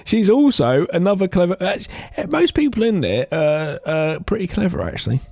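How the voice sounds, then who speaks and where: A man co-hosting a podcast, chatting casually about a film with animated, jokey asides. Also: sits high, normal speed, creaky. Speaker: podcast co-host. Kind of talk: casual film review chat.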